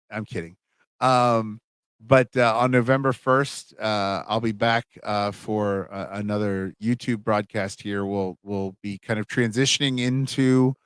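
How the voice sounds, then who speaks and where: A man in middle age talks through the end of an online class, rambling and chatty, with plenty of fillers and restarts. His voice sits low. The sound is dry and close to the microphone. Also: no echo. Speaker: college humanities instructor. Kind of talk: casual livestream class wrap-up.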